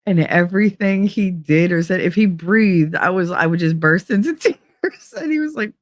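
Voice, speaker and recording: A woman's voice: fairly low pitch, expressive, moderate pace, no echo, studio quality. A middle-aged woman hosting a casual live stream, talking candidly and profanely, laughing often and acting out voices of people she quotes. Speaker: livestream host.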